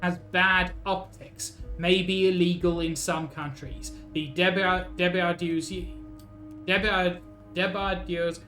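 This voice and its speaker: Man doing a smug scheming union boss, slow persuasive put-on accent, lower than his own voice. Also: level tone, pushed and bright, faint music behind, full character voice. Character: scheming jovial middle-aged male union boss.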